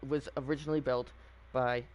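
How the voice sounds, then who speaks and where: A man's voice: mid-range voice, fairly even intonation, brisk. Opinionated man rambling over a game menu. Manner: opinionated, rambling, frequent fillers and restarts. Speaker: gaming channel host. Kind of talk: casual gameplay commentary.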